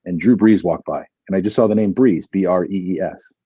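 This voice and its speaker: A man in his forties, a podcast guest, telling an animated story with plenty of energy and acting out the dialogue. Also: sits low, a little fast, husky, no echo, highs cut off.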